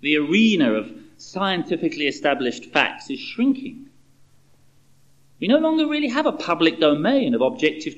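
A middle-aged man giving a sermon, telling a story and asking rhetorical questions in a conversational, animated way. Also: a little high, lo-fi sound.

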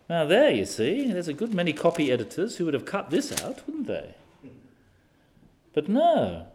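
A man's voice: high-pitched, a little mellow. A man preaching a sermon, posing rhetorical questions with occasional fillers.

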